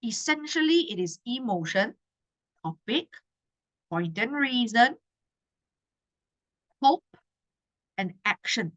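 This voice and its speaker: A woman's voice: fairly high pitch, animated, slow pace, pauses often, a bit bright, low-quality recording. A woman in her thirties with a Malaysian English accent, teaching an exam-prep class in a chatty way, often adding "okay?" to her points. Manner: chatty, tags lines with "okay?". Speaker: tutor.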